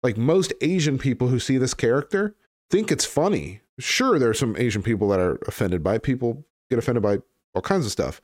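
A podcast host chats casually, rambling and blunt, peppering his talk with fillers and swear words. His mid-range voice is lively in intonation and a little quick, captured dry with clean studio sound.

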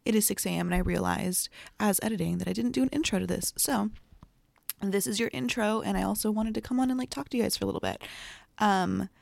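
Sitting on the floor at home, a young podcast host chats casually in a sleepy but bubbly way, peppering her talk with fillers and offhand cursing. She speaks fast in a mid-range, gravelly voice with a darkish tone and no room sound.

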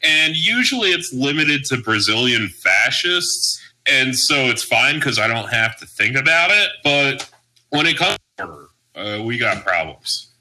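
A man co-hosting a casual comedy podcast, profane and sarcastic, with loud animated outbursts. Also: mid-range voice, unhurried, low-quality recording. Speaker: podcast co-host.

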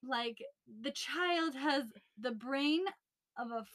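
A young woman co-hosting a podcast, telling a story in a chatty, animated way, full of "like" and laughter, recorded in a small closet. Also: sits high, slow pace. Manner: animated, laughing, lots of "like" fillers. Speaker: podcast co-host. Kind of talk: casual storytelling chat.

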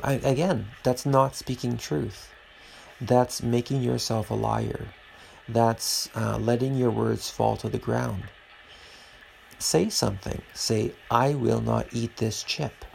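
A man's voice: medium pitch, vocal fry, a little mellow, a little hiss or hum, rough recording. A man hosting a podcast alone at home, talking in an earnest, preachy and rambling way. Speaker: podcast host. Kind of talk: casual podcast monologue.

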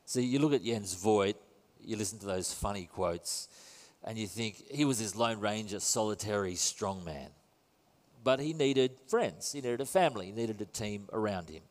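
A man preaching a sermon in a church, conversational and earnest, with self-deprecating asides. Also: mid-range voice. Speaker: pastor. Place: church building. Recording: long reverb in a church hall.

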